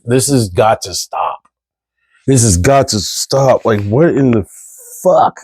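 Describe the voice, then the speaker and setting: A man rants straight to his camera, profane and exasperated, hammering rhetorical questions. His voice sits at a middle pitch. The sound is dry and close, with no room echo. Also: a little mellow. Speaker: vlogger. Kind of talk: candid ranting monologue.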